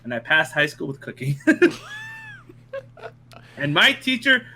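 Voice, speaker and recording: A man's voice: on the high side, sing-song, a little slow, bright, forceful tone, a little hiss or hum. A young man casually telling funny stories to friends, laughing often and swearing freely. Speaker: podcast co-host. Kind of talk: casual storytelling among friends.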